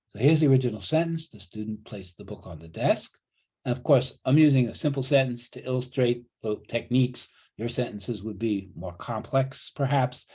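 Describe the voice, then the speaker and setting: Over a video call, a man teaches a college writing class, patiently explaining grammar and repeating key points in an online lecture. His medium-pitched voice is warm with a breathy edge, picked up by a computer mic.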